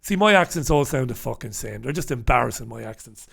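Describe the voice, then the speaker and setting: A man's voice: mid-range voice, animated, fast, creaky, fairly bright tone, slightly rough. A man hosting a humorous newspaper review on a live stream, casual and wry, swearing freely as he talks. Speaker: host.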